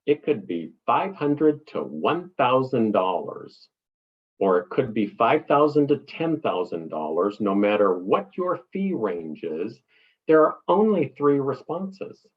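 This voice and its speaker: Slow, husky-voiced man coaching. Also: mid-range voice, big pitch swings, narrow, tinny audio. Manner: emphatic, repeats words for stress, acts out client voices. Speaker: cohost, speaking business coach. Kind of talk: teaching talk.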